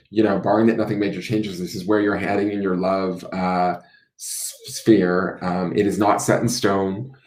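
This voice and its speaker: A man with a somewhat low voice gives a live-streamed tarot reading, musing his way through the cards. He pauses on fillers and keeps checking in with "right?". The sound carries a noticeable room echo. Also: darkish tone. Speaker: tarot reader.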